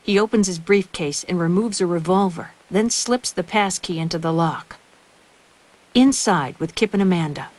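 A woman giving calm, even audio description of a film. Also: fairly low pitch, moderate pace. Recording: noisy film soundtrack behind.

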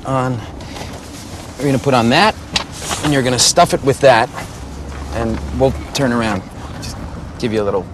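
An actor playing a smooth-talking con man. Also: mid-range voice, noisy background, lightly acted. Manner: persuasive, placating.

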